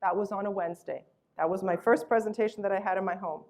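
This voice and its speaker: A woman's voice: medium pitch, fast, a little mellow. A woman giving an enthusiastic, emphatic sales presentation about her company's products. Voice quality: acts out voices when retelling a story.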